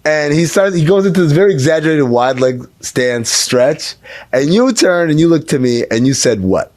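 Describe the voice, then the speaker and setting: A man's voice: a little high, lively intonation, moderate pace, a little mellow, no echo. A man co-hosting a podcast, telling game stories in a chatty, joking way. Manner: chatty, storytelling, joking asides. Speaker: podcast co-host. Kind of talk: casual sports chat.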